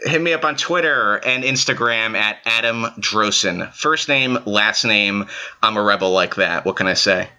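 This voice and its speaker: A man's voice: on the low side, normal speed, pushed and bright. A man guesting on a podcast, chatting casually and joking around playfully. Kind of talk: casual chat.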